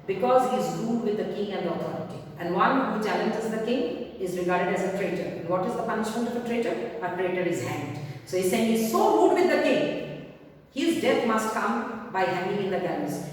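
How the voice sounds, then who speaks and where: A woman's voice: medium pitch, animated, brisk. A woman teacher, explaining a play line by line to her class, paraphrasing and checking in with "okay?". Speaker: literature teacher. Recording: echoey hall, distant mic, faint hiss.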